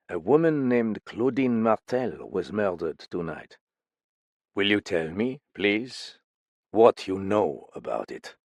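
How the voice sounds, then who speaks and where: A man reading an audiobook, voicing a police official who questions in a measured, pressing way. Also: sits low, dry recording, heavily acted. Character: sharp, probing male police official.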